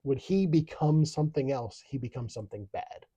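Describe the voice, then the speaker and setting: A man from Appalachia co-hosting a podcast, chatting quickly and stumbling into restarts. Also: mid-range voice, mellow, slightly rough, no room sound. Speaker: podcast co-host. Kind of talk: casual chat. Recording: dry, dull lo-fi mic.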